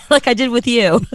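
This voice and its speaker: A woman's voice: a little high, no room sound. Chatty woman co-host, dry sound. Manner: chatty, animated and quick to laugh. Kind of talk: casual podcast chat.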